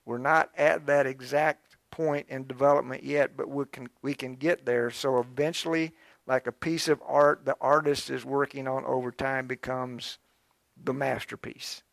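A man's voice: medium pitch, fairly even intonation, moderate pace, vocal fry, no room sound. A male pastor preaching a sermon, fervent and exhorting, speaking directly to his congregation. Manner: fervent, exhorting, urgent early and quieter and reflective later.

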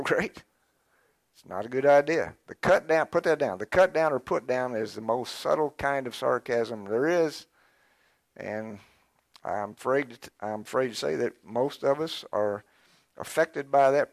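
A man's voice: medium pitch, dry recording. Folksy older man preaching a sermon. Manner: folksy, animated preaching with call-and-response. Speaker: pastor.

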